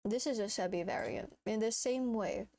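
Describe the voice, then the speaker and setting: A woman streamer chatting casually on a live stream, excitable, laughing a lot and swearing. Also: medium pitch, normal speed.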